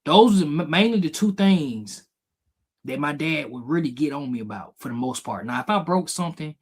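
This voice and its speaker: Husky-voiced man telling candid stories. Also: a little high, moderate pace. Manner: candid storytelling, profane, animated. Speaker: podcast co-host. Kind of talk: casual chat.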